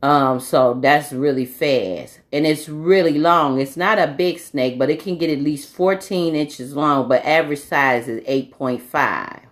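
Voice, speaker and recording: A woman's voice: low-pitched, a little slow, hardly any pauses. A woman vlogger in a rambling, earnest spiritual monologue, often stopping to correct herself.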